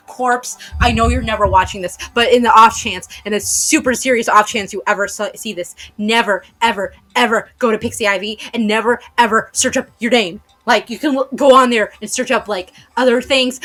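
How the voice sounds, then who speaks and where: A woman's voice: medium pitch, moderate pace, a bit bright. A woman chatting casually on a stream while drawing, swearing and rambling through asides. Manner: shrieks when shocked. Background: faint music.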